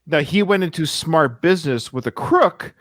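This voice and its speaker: A man hosting a podcast, chatting about a film in an animated, enthusiastic way. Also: a little high, normal speed, dry recording. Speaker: podcast host. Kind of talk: casual film discussion.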